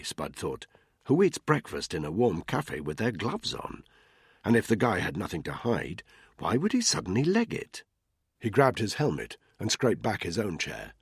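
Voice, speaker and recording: A man narrating a thriller audiobook in a tense, measured storytelling manner. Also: low voice, slightly rough, no room sound, clean studio sound. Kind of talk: scripted narration.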